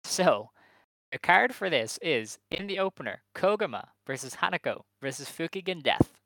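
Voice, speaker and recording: A man's voice: fairly high pitch, very animated, normal speed, sharp tone, dry recording, poor audio. A man co-hosting a podcast, recapping in a wry, rambling chat full of fillers. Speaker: podcast co-host.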